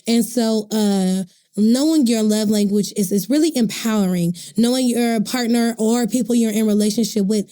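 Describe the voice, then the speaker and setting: Animated, mellow-voiced woman podcast host. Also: fairly high pitch, moderate pace. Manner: animated storyteller addressing listeners as y'all; emotional, faith-filled asides. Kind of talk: casual podcast chat.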